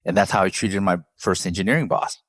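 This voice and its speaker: A man with a very low, husky voice talks through an interview, telling stories from his career and laughing now and then. The sound is close and dry. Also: quick pace, dry recording. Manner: storytelling, animated when quoting others, laughs often. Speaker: CEO of a professional association, guest. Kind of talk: conversational interview answers.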